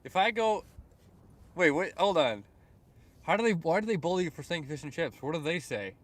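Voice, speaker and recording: His voice is fairly high and his pace moderate as this young Canadian man streams a fishing trip outdoors at sunrise by the water. Relaxed and chatty, he reads viewers' messages aloud, answers them, and leans heavily on fillers.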